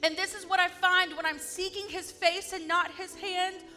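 A woman's voice: extremely high pitch, steady tone, normal speed, bright, forceful tone, soft background music. A woman giving an earnest, heartfelt devotional testimony, speaking with emphasis.

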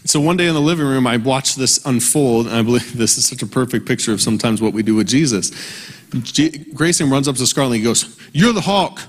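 A man in his thirties preaching a conversational, earnest sermon, slowing down for emphasis. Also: medium pitch. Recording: long reverb from a large hall.

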